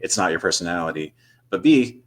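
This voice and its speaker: A man who teaches high school English, a guest on a podcast, talking casually and thoughtfully with many fillers. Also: animated, a little fast. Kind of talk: casual interview conversation.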